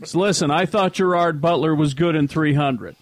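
A man's voice: a little high, normal speed, crowd noise. A man hosting a casual podcast, joking and rambling while drinking with friends. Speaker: podcast host.

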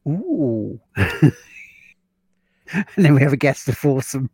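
Husky playful man co-hosting. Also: mid-range voice, big pitch swings, slow, mellow, no room sound. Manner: playful, mock-formal asides. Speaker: podcast co-host. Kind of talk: casual chat.

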